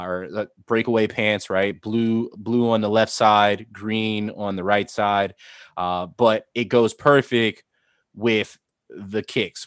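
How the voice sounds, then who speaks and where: A man's voice: on the low side, clean tone, no room sound, clean studio sound. A man co-hosting a casual sneaker podcast, talking in a rambling, enthusiastic way with many restarts. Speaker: podcast co-host.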